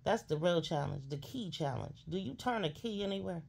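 Woman commentator, gravelly fry, blunt and scolding, profane rant. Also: lowish voice, animated, fairly quick, darkish tone. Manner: blunt, scolding, sassy, heavy cursing. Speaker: commentary streamer.

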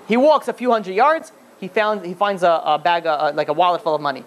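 Rabbi guy rattling off a story super fast, lots of um and restarts, faint hum behind. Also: sits high. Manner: animated storyteller with many restarts and fillers. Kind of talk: storytelling lecture.

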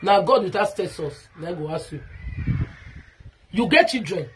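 A woman's voice: lowish voice, animated, a little slow, background noise. A Nigerian woman ranting straight to camera in an aggrieved, repetitive way, calling out a rival directly. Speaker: vlogger. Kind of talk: direct-to-camera rant video.

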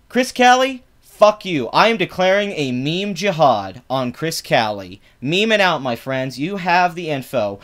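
A political commentary vlogger rants while reacting to posts online. His take is mocking and profane, with loud swings in pitch.

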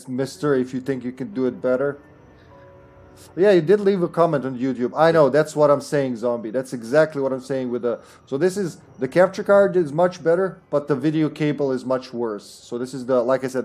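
A male streamer with as his chats loosely through a live game session, cracking jokes and laughing between lines. His pitch sits mid-range for a man, and faint music plays under his voice. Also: darkish tone. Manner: joking, laughs often, reads chat aloud. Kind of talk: casual live gameplay chat.

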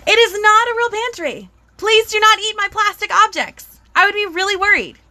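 A woman's voice: very high-pitched, animated, normal speed, pushed and bright. A young woman, chatting bubbly on a live stream as she unboxes toys and greets viewers.

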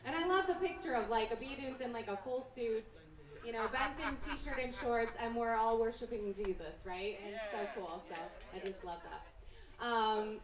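A woman's voice: a little high, moderate pace, a crowd in the background. A woman giving live announcements in a church service, upbeat and chatty, laughing often. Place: church sanctuary. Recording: echoey sanctuary with music behind.

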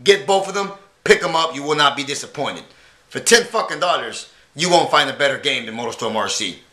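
A man hosting his own channel, delivering a loud, profane and emphatic promotional rant with repeated call-and-response lines. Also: mid-range voice, animated, fairly quick. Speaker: channel host. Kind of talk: hyped promotional rant to camera.

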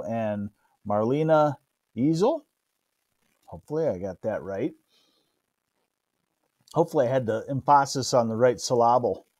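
Man, Midwestern accent, meteorologist, casual live forecast, mellow voice, dry close sound. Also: mid-range voice, dry recording. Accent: American Midwestern. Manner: chatty, greets viewers by name.

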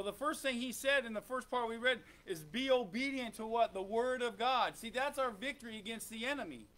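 In a church sanctuary, a pastor preaches a fervent sermon in a very high-pitched, pushed and bright voice. He questions his congregation and waits for their answers.

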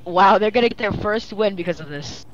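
A man's voice: high-pitched, a little fast, dull audio. A man on voice chat reacting in disbelief to a teammate's play. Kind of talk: casual gaming voice chat.

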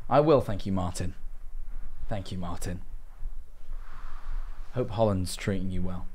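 A man's voice: low voice, measured pace, warm tone, a little hiss or hum. A young British man giving casual, wry commentary as he live-streams a game and thanks viewers, jokingly defensive at times.

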